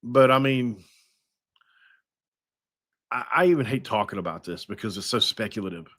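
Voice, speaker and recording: A man's voice: fairly low pitch, moderate pace, fairly bright tone, dry recording. Guy rambling on his sports podcast, restarts a lot, dry close mic. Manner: rambling, thinks aloud with frequent restarts. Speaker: podcast host. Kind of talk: casual sports podcast talk.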